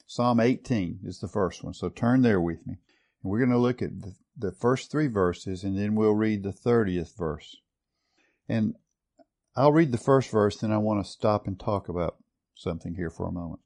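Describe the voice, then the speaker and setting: A man's voice: lowish voice, a little mellow. A man preaching a sermon earnestly, building to strong stress on key words. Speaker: pastor.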